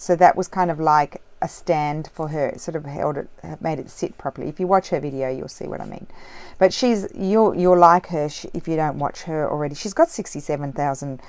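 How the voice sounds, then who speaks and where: Woman, low voice, casual crafting tutorial, rambling, self-correcting, home craft room. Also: darkish tone, smooth, no echo. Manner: rambling, with many self-corrections and trailing asides. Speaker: crafting vlogger.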